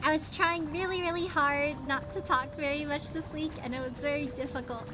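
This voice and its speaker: A woman's voice: high-pitched, steady tone, normal speed. A woman streamer chatting casually with her live chat, bubbly and giggly, greeting viewers by name, her voice still recovering from strain. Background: game music.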